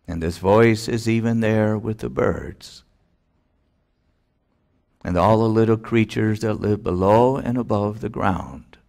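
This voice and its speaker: A man giving a solemn spiritual talk, with deliberate phrasing and long pauses. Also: fairly low pitch, gravelly, a little mellow. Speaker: spiritual teacher.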